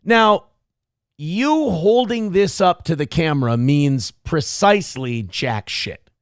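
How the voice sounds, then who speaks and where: A man's voice: on the high side, no echo, clean studio sound. Foul-mouthed, mocking male show host. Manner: angry, mocking, heavy swearing. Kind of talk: profane commentary reacting to a clip.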